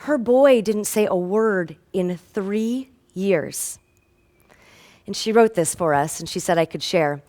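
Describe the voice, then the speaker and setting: A woman at a middle pitch gives an earnest, emotional inspirational talk as a health practitioner. She tells patient stories with lively acted-out dialogue. She builds toward stirring calls to action. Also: slow.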